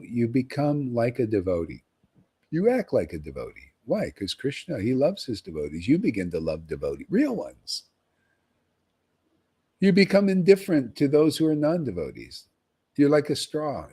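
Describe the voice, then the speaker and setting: A man giving an informal, rambling devotional talk to followers, often pausing to ask "see?" and repeating himself. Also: medium pitch, dark tone, slightly rough. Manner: conversational, rambling, repeats words and asks "see?". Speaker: spiritual teacher.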